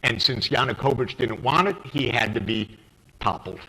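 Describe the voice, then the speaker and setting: An older American man speaking emphatically and indignantly on a panel, his voice rising to sharp outbursts. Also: mid-range voice, normal speed, creaky, slightly rough, rough recording. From United States. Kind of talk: impassioned panel speech. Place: forum hall.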